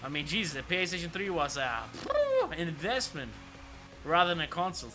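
A man streaming himself playing an arcade racing game, talking casually and excitedly to his viewers and swearing now and then. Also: fairly high pitch, brisk. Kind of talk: live gameplay commentary. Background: arcade racing game music.

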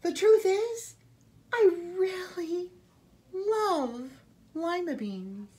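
A shrill, piping storybook girl, put on by a woman reading aloud, whining and pleading well above the reader's own pitch. Her voice swoops in loud bursts, and the lines come slow and drawn out. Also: big pitch swings, heavily acted. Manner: loud and high, whiny then pleading. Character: scared young girl covered in stripes.

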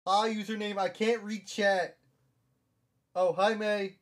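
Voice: mid-range voice, level tone, slow pace, long pauses. A live streamer chatting casually from their own room at home, rambling, swearing often and keeping their voice down. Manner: keeps voice down to avoid being loud. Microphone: desk microphone with lowered sensitivity.

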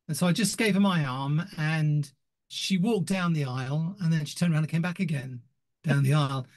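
A man's voice: a little high, brisk. An older man, a retiring ministry director, telling stories in an interview with many restarts and acted-out quotes. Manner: animated storyteller, acts out quoted voices, many restarts.

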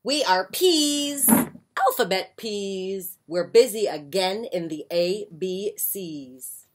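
A woman reading a children's picture book aloud with an expressive voice, breaking off for soft, chatty asides. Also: mid-range voice, slow. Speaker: children's story reader. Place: porch, outdoors.

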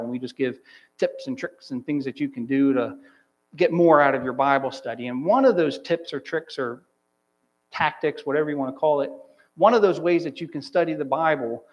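A man preaching a sermon as pastor in a church, stressing single words and slowing down on key phrases. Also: medium pitch, poor audio. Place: church sanctuary.

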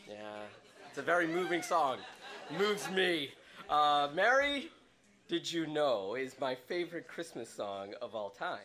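A man preaching a sermon in a church, animated and often laughing as he tells stories and mimics the people in them. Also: a little high, measured pace. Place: church sanctuary.

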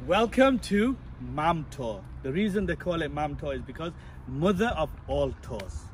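A man's voice: fairly high pitch, lively intonation, a little slow, a little hiss or hum. A man, talking casually to his viewers while walking outdoors on a hillside. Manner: chatty, talks straight to viewers. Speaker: travel vlogger.

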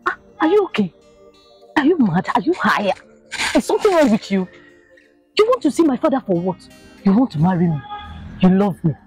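A woman's voice: medium pitch, very animated, fairly quick, pauses often, faint music behind, close to an everyday voice, poor audio. An actress with a Nigerian accent playing a proud young village woman who scolds and mocks an unwanted suitor in a film drama. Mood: furious. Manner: loud, scornful, scolding. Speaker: daughter who has left her marriage. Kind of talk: Nollywood film acting.

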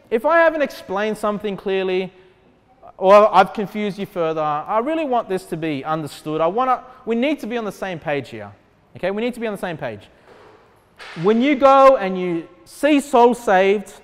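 High-voiced male pastor preaching casually in a church hall, lots of asides to the congregation. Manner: conversational preaching, many rhetorical questions and asides. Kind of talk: sermon. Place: church sanctuary. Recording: long church hall reverb.

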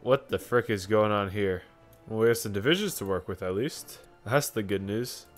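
A young man commentating his own strategy game in a casual, joking way, often breaking into sudden shouts. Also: lowish voice, normal speed. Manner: excitable, jokey, sudden shouts. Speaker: gaming YouTuber. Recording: faint music behind.

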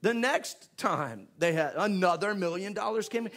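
Man, pastor, playful announcements, fervent prayer, higher-pitched. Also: lively intonation, normal speed, few pauses. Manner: joking, chatty, rising to loud fervent prayer. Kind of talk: church offering announcements and prayer. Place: church sanctuary with live congregation.

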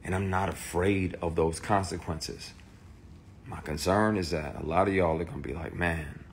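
Deep-voiced man telling a raw story. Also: steady tone, moderate pace, a little hiss or hum. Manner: emphatic, raw and swearing, with restarts. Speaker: actor. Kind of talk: candid personal testimony.

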